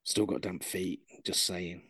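A man's voice: deep voice, level tone, unhurried, bright, forceful tone, no echo. A man co-hosting a podcast, teasing and joking in a playful, giggly way. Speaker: podcast co-host. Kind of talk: casual chat.

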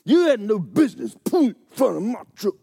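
Man putting on a surly truck driver, belligerent, blustering, taunting, pitched a bit higher than his own voice, jumpy delivery. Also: wildly swooping pitch, brisk, vocal fry, warm tone, slightly rough, exaggerated voice.

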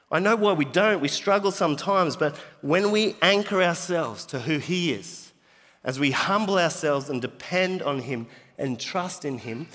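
A man's voice: a little high, fairly bright tone, in a large hall. A male pastor preaching a sermon in a conversational manner, laughing easily and casually recovering when he loses his notes.

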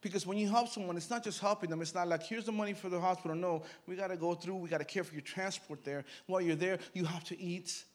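High-voiced man preaching with dramatic swings. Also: steady tone, quick pace, few pauses. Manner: storytelling, swings from hushed to loud and emphatic. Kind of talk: sermon.

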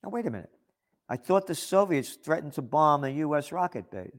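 A man with a somewhat high, very lively voice that rises and falls sharply as he argues. He reads passages aloud and then tears into them, sounding sarcastic and indignant. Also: fairly quick. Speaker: political commentator. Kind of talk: opinion monologue reading and rebutting articles.

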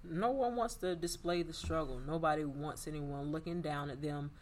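A man's voice: fairly high pitch, normal speed. Earnest man in casual talk. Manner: earnest, reflective, motivational. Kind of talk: casual conversation.

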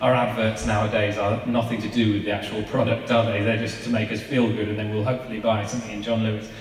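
A man's voice: lowish voice, little pitch movement, fast talker. A man, giving an informal sermon in a chatty, conversational way with lots of fillers. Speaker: preacher. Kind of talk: informal sermon with family anecdotes. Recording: echoey hall, mic at a distance.

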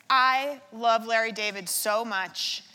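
A woman with a bright, clear, somewhat high voice chats onstage in a live conversation. She tells rambling, self-deprecating stories and slips into quick imitations. A long hall reverb trails behind her words. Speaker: guest author. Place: theater stage before a live audience.

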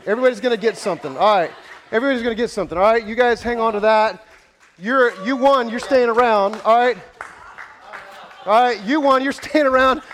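A man pastor running a playful contest in front of his church, joking and shouting with excitement, then winding down out of breath with a scratchy throat. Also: extremely high pitch. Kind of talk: lively church service hosting. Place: large church hall with congregation.

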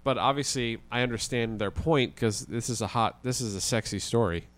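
A man, a guest on a podcast, telling a story in a casual, animated way with the odd swear word. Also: mid-range voice, normal speed. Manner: animated, vivid retelling with occasional swearing.

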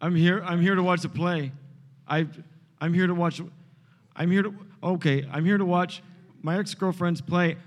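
A man's voice: high voice, fairly even intonation, moderate pace, in a large hall, natural voice. A man playing a clingy, deluded ex-boyfriend who stammers and refuses to leave. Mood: stubborn. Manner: stammering, awkward.

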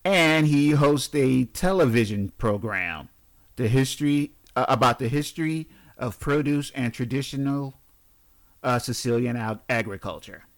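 A man's voice: medium pitch, expressive, unhurried. Guy on a podcast reading weird news, teasing, laughs a lot, voice bounces up and down. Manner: reads odd news stories aloud, laughing often; blunt, teasing. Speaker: podcast co-host. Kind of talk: casual news-reading chat.

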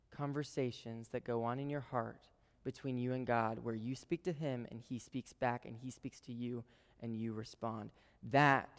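A man preaching a sermon to a live congregation, conversational and playful, with quick asides to the room. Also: medium pitch. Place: church sanctuary with a live congregation. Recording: long reverb of a large hall.

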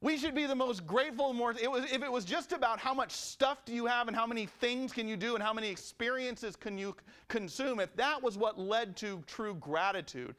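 A man with a notably high, light voice preaches. He swings between emphatic, animated stretches and soft, reflective passages, in the steady cadence of a pastor's sermon. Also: brisk, few pauses.

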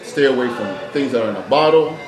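A man's voice: mid-range voice, lively intonation, fast talker, crowd noise. A man, a fitness trainer and nutrition coach, answering interview questions in a plain-spoken, emphatic way and often repeating words as he thinks. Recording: echoey room with background noise.

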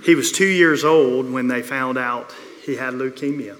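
A man preaching a sermon, telling a story with repeated phrases and dramatic pauses. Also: medium pitch, fairly bright tone. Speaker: pastor. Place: church sanctuary. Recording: long reverb of a church hall.

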